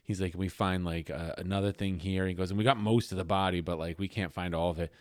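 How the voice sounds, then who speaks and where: Podcast guy, lowish voice, dry close sound, crude and excitable telling a story. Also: fast talker, no room sound. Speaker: podcast co-host. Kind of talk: casual chat.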